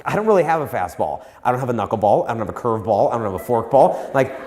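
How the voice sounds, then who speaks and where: A man giving a storytelling talk to a live audience, animated and acting out the voices he quotes. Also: mid-range voice, fast talker, background noise. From United States. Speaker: speaker. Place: large hall with an audience. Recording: echoey hall.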